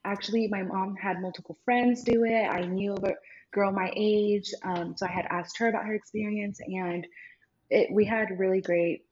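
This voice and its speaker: A woman's voice: mid-range voice, moderate pace, husky. Woman guest rambling through a story, quoting everyone, muffled lo-fi audio. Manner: animated, acts out her own and others' lines in quotes, many fillers of "like". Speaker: podcast guest. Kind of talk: casual storytelling chat.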